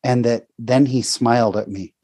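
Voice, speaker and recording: A man's voice: mid-range voice, fairly even intonation, normal speed, dark tone, no echo, clean studio sound. Earnest rambling male podcast host. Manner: heartfelt, rambling, restarts often. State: near tears. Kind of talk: casual faith conversation.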